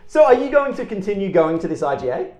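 A woman co-hosting a casual chat, blunt and full of swearing, who launches into teasing rants. Her pitch swings widely. She is recorded in an echoey room. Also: big pitch swings, fast, mellow, soft background music. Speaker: podcast co-host.

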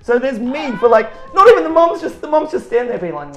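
A man telling a story in casual chat, animated and swearing, acting out voices. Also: high-pitched, quick pace, hardly any pauses. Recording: roomy echo, faint music.

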